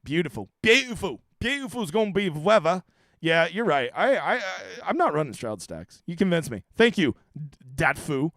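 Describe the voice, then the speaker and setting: A man's voice: a little high, very animated, normal speed, fairly bright tone, no echo, clean studio sound. A man hosting a fantasy sports stream, casually answering chat questions in a loose, profane, joking way with frequent stammers.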